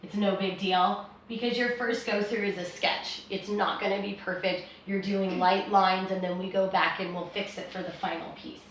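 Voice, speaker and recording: Woman, art teacher, relaxed and reassuring, thinking aloud, distant camera mic, very echoey room. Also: medium pitch, moderate pace, hardly any pauses, slight background noise. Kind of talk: drawing lesson, step by step.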